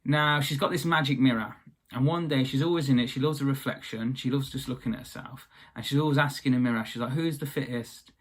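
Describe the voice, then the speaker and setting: A man's voice: mid-range voice, fairly even intonation, fast talker. A young man casually retelling a fairy tale, chatty and rambling with offhand asides.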